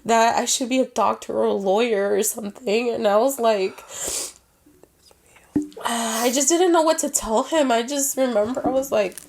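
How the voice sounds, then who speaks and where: A woman's voice: a little high, moderate pace, gravelly, a little mellow. A woman co-hosting a podcast, earnestly telling a personal story and switching into Spanish phrases mid-sentence. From Mexican-American family. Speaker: podcast co-host.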